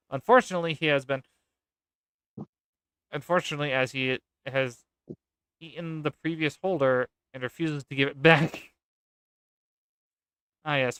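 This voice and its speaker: Bright clear-voiced man reading with sarcastic asides. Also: medium pitch, no room sound, studio quality. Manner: sarcastic, swears, laughs at the text. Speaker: gaming content creator. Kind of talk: reading aloud with casual commentary.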